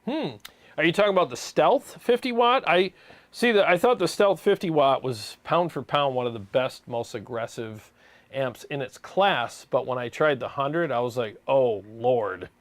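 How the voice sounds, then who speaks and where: A relaxed man hosts a casual livestream about guitar gear, talking loosely with plenty of laughs. He keeps saying "man" as he goes. The sound is dry and close, with no room echo at all. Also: on the high side, normal speed. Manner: laid-back, laughs often, says "man" a lot.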